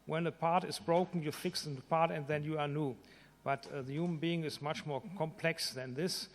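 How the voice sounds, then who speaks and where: Guy giving a conference talk, bit high voice, lots of uhs, echoey hall. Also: steady tone. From Germany. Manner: halting, with many fillers and restarts. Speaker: conference speaker. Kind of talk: conference presentation.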